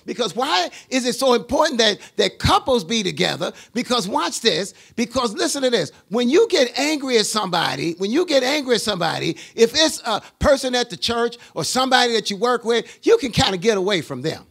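An older man, a bishop, preaching a sermon into a handheld mic in a church with call-and-response, often rising to a shout. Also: extremely high pitch, sing-song, fairly quick, vocal fry, hardly any pauses, husky.

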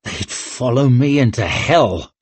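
A man's voice: medium pitch, animated, slow pace, a little mellow, slightly rough, no echo. A man voicing a brash young male lord and war hero, blunt and boastful.

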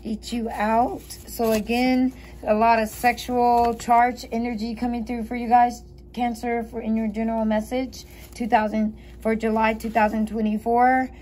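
Chatty, giggly woman, slightly high voice, reading tarot cards over faint background noise. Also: flat delivery, normal speed, a little mellow. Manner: chatty, thinking aloud, giggly. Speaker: tarot reader.

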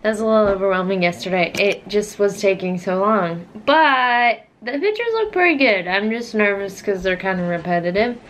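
A woman's voice: medium pitch, normal speed, hardly any pauses, over music, rough recording. A young woman vlogging casually about her art shop, bubbly and rambling, gushing and giggling with many fillers. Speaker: artist and small business vlogger. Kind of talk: casual vlog narration.

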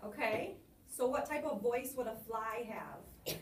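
A woman's voice: on the high side, measured pace, echoey room, far from the mic, slight background noise. A woman teacher coaching a student on reciting a poem, encouraging and asking guiding questions.

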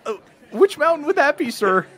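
A man's voice: very high voice, big pitch swings, normal speed, fairly bright tone, voice pushed up, heavily acted. A man voicing a nervous young male halfling scoutmaster who stammers and rambles anxiously.

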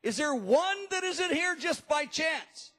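Guy doing a pushy old prophet, high voice, big hall reverb. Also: lively intonation, slow pace, a bit bright, full character voice. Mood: insistent. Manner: emphatic, urgent quotation. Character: the old prophet Samuel, commanding, insistent. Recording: long reverb of a large hall.

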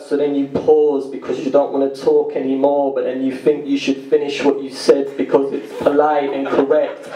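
A man's voice: mid-range voice, dark tone, close to an everyday voice. A man voicing a cynical, anxious male inner voice that rambles self-critically in a spoken word poem. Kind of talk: spoken word poetry performance. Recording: echoey live room, distant mic, noisy.

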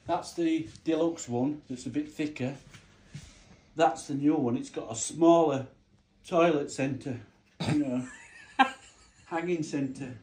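A man's voice: fairly high pitch, slow, pauses often, a little mellow. Chatty man in an echoey room.

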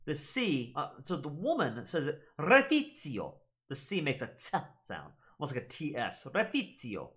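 A man's voice: on the high side, very animated, normal speed, few pauses. A man hosting a gaming channel, giving a casual explanatory lesson on pronunciation and repeating words aloud to demonstrate them. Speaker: gaming channel host teaching Latin.

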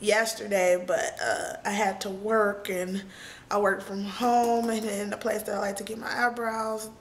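A woman's voice: medium pitch, flat delivery, measured pace, slight background noise. A young woman vlogger telling a story in casual chat, tearful and laughing through it, still crying as she talks.

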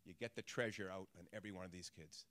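A man giving a motivational talk as a trainer, telling stories in an animated way and acting out voices. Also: low-pitched, fast talker. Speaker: trainer and speaker.

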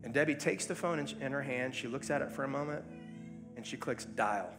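A man's voice: mid-range voice, fairly even intonation, fast, music in the background. Earnest male pastor telling a story. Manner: earnest, conversational storytelling with frequent fillers. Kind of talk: sermon.

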